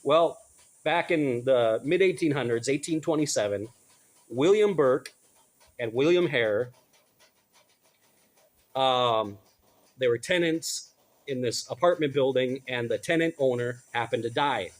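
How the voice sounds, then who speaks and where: A man's voice: medium pitch, unhurried, long pauses. A middle-aged man giving blunt, casual commentary, stumbling over names and correcting himself as he goes. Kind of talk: casual commentary reading news aloud.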